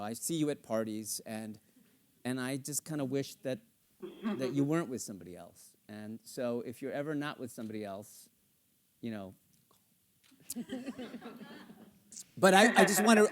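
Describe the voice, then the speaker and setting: Man, middle-aged, masterclass coaching, animated, dramatizing, swearing, high-ish pitch. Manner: animated, acts out lyrics and inner thoughts, swearing, playful. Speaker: composer coaching a singer. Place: theater stage with studio audience.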